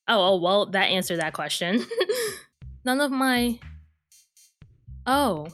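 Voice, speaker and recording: A woman's voice: medium pitch, expressive, takes it slowly, long pauses, a bit bright, faint music behind. A woman gaming creator reacting to a horror game with giggly, amused asides. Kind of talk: reacting while reading a game aloud.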